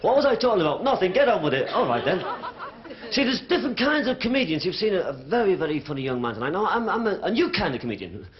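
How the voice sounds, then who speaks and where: On a theatre stage, a Liverpool-born man runs a cheeky stand-up routine, bantering with the live audience in his Liverpool accent. His voice sits high and sing-song, and he talks fast amid crowd noise. The dull 1970s TV broadcast audio is punctuated by loud audience laughter.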